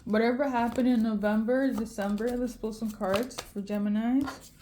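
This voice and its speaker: A woman's voice: on the high side, steady tone, moderate pace, warm tone, a little hiss or hum. A tearful woman giving an intuitive tarot reading to camera, emotional and tagging "okay?" onto her lines. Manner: emotional, repeats "okay?" often. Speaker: tarot reader.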